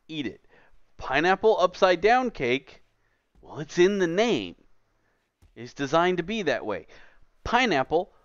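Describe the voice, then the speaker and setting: A man's voice: fairly high pitch, a bit bright, clear, resonant tone, no room sound. A man streaming a game who rants in an exasperated, emphatic casual way from his computer, on a dull lo-fi recording. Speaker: gaming streamer. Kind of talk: casual ranting commentary while gaming. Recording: dull lo-fi dry sound.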